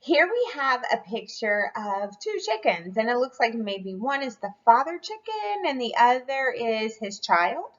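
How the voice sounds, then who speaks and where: Cheerful woman teacher reading a storybook to kids, encouraging and animated; lo-fi. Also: fairly high pitch, unhurried, hardly any pauses. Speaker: school curriculum specialist. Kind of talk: read-aloud lesson for children.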